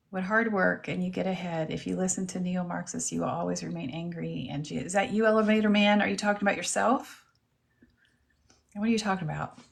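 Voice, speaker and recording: A woman's voice: lowish voice, vocal fry. A woman reverend hosting a casual live stream, greeting viewers by name and chatting while she eats lunch. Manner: talks while eating lunch. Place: at home with her dog.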